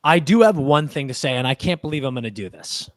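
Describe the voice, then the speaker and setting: A man holds forth on a live sports podcast, animated and argumentative, cursing casually as he defends his point. His voice sits on the high side for a man. The sound is close and dry, with no room around it. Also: fast talker, dry recording. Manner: animated, swears freely, argues his point. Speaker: podcast co-host. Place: podcast studio.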